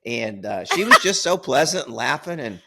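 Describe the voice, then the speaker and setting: A man's voice: medium pitch, huge pitch swings, normal speed, creaky, heavy background noise. An older man telling a rambling story as a podcast co-host, repeating words and laughing at his own tale. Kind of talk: casual storytelling.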